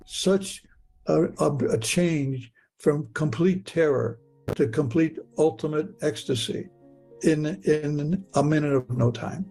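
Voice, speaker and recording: Gravelly man recounting a story. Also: a little high, a little mellow. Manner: halting, repeats words, earnest. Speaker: guest telling his story. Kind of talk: personal storytelling.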